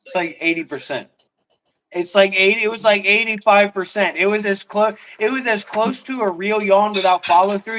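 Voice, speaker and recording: A man's voice: high-pitched, normal speed, a bit bright, a little hiss or hum. A man in casual livestream banter, mocking and taunting with a lot of swearing.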